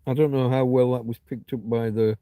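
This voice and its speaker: A middle-aged man with a mellow, medium-pitched voice talks fairly quickly in a level tone, recorded dry. He hosts a rambling, casual livestream from home on his phone, reminiscing and often trailing off before restarting his thoughts.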